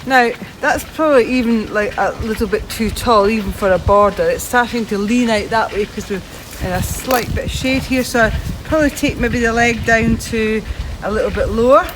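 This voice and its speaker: A woman's voice: on the high side, normal speed. A woman presenting a hands-on gardening demonstration outdoors, chatty and practical, talking through each step as she cuts. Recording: outdoor recording with traffic noise. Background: steady outdoor noise with passing traffic.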